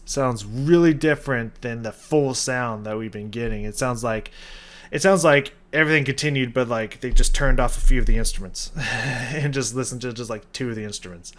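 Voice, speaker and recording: A man talks through a song reaction in a loose, casual way. He gets excited, swears freely, and fills his sentences with "like" and "just". His voice sits at an average pitch for a man. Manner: enthusiastic, swears casually, many fillers. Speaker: music reaction youtuber. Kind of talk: casual music reaction commentary.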